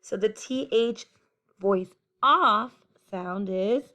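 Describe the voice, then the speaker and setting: A woman teacher giving a children's phonics lesson, speaking clearly and encouragingly as she models letter sounds. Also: mid-range voice, drawn-out words, pushed and bright.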